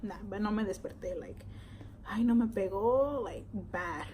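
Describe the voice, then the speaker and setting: A woman's voice: mid-range voice, normal speed, darkish tone, a little hiss or hum, poor audio. A young woman tells a pregnancy story in a casual vlog, switching languages, chatty and swearing freely. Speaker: vlogger.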